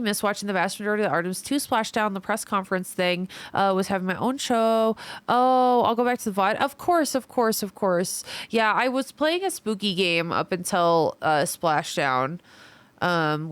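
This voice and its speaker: A woman's voice: mid-range voice, a little fast, clean tone, dry recording. A woman with a Midwestern American accent chatting casually with her stream viewers, reading their messages aloud and swearing freely. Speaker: livestreamer.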